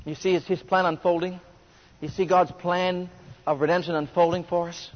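A man's voice: high voice, flat delivery, moderate pace. A man preaching a fervent sermon, reading scripture and rising to emphatic bursts. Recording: long hall reverb, dull lo-fi sound.

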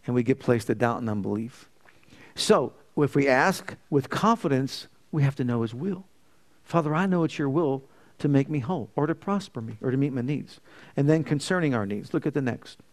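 A man's voice: mid-range voice, a little mellow. A man preaching a sermon, quoting scripture and leading the congregation in call-and-response.

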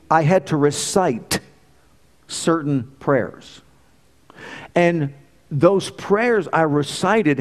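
A middle-aged man delivers a sermon in a fairly high voice. He leans on rhetorical questions and swings from loud, ringing lines to hushed, quiet asides. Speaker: preacher.

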